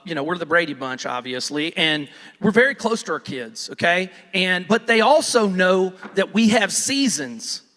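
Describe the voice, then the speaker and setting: A man with a high, sharp voice gives a folksy, rambling motivational talk on stage, often breaking off and restarting his sentences. He's a real estate team leader, speaking in a large conference hall whose long reverb carries through the recording.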